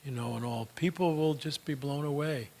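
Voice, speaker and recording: A man's voice: fairly high pitch, moderate pace, gravelly, darkish tone. An older man from the United States giving a folksy, chatty talk, then answering audience questions with plenty of "you know.". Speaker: speaker.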